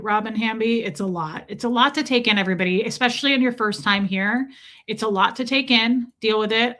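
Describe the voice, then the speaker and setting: A woman's voice: mid-range voice, fairly bright tone. A woman hosting a casual livestream, reading viewer comments aloud and answering them in a chatty, profane, teasing way. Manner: playful exaggerated teasing. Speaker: livestream host.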